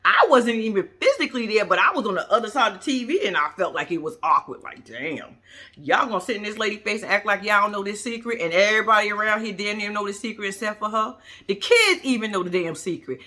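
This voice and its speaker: A woman holds forth in an unscripted vlog rant, blunt and profane, circling back and interrupting herself. Her voice is bright and sharp, and her pitch swings widely as she talks straight to her viewers. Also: animated, fast. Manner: rambling, with self-interruptions. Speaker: vlogger reviewing a reality show. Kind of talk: casual unscripted commentary.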